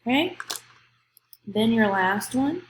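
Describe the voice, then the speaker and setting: A woman's voice: a little high, expressive, slow, a little hiss or hum. Woman, teacher, grammar lesson, patient step-by-step explaining, echoey room. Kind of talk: grammar lesson for young students.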